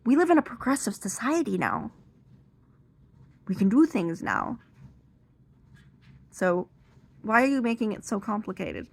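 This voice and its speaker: A woman's voice: fairly high pitch, animated, unhurried, vocal fry, pauses often, slightly rough. A young woman from the United States doing an amateur stand-up monologue, ranting indignantly with some profanity. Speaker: amateur comedian.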